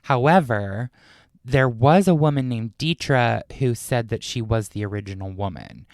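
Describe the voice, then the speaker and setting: A man's voice: medium pitch, moderate pace, a little mellow, dry recording, clean studio sound. A man co-hosting a podcast, reading notes in a jokey, casual way and often trailing off mid-sentence. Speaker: podcast co-host.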